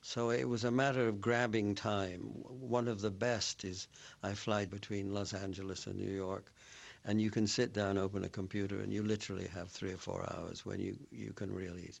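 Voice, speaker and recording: Old guy from scotland, low gravelly voice, chatty rambling answers, lots of restarts. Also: level tone, moderate pace. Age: older. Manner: rambling, anecdotal, restarts often. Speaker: actor and author, guest. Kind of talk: radio interview conversation.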